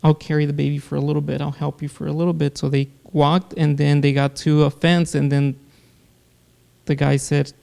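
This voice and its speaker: A man, a podcast guest, earnestly telling a personal story in casual talk, with halting restarts. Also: a little high, level tone, vocal fry, darkish tone. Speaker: guest, producer.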